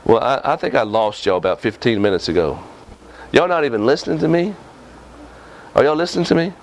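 A man's voice: mid-range voice, lively intonation, a little fast, slight background noise. A male preacher, preaching a sermon in a folksy, scolding way and often asking the congregation questions.

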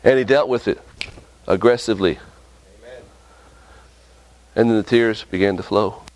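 A man's voice: normal speed, darkish tone. Impassioned male preacher. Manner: impassioned, shifting pitch for emphasis. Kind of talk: sermon.

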